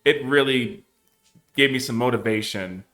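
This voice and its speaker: A man with a bright, forceful voice chats as a podcast guest. He jokes easily and stammers a little as he reaches for sincere words. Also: mid-range voice, normal speed. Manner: jokey, earnest, stammers into sincere thoughts. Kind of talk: casual chat.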